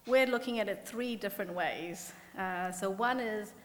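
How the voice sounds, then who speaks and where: Speaking at a moderate pace with a medium-pitched voice, this economist from New Zealand delivers her conference talk as a symposium panelist. Earnest and a little self-deprecating, she fills her speech with fillers and frequent restarts. She's picked up on a podium mic, and the hall leaves a long, reverberant tail.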